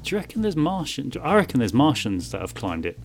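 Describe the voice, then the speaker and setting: A man's voice: mid-range voice, fairly quick, creaky, soft background music. A man co-hosting a podcast in casual, upbeat and jokey chat. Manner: upbeat, lively intonation, jokey. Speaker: podcast co-host.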